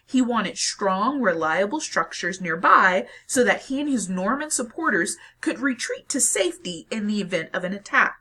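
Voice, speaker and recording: A woman lecturing in a bright, clear-toned voice with a slightly husky edge. Her pitch moves a lot as she explains step by step. She talks straight to her students and now and then corrects herself. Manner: explanatory, with fillers and self-corrections; addresses students directly. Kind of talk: recorded lecture.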